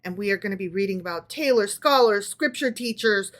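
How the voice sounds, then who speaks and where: A woman co-hosting a casual book club podcast, reading folk tales aloud with animated delivery and chatty asides. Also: mid-range voice, a little fast.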